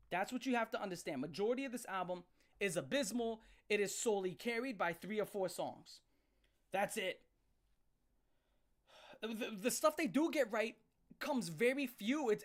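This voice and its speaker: A woman ranting on a live stream about music, blunt and emphatic, often repeating herself and restarting her sentences. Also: mid-range voice. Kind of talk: profane live rant.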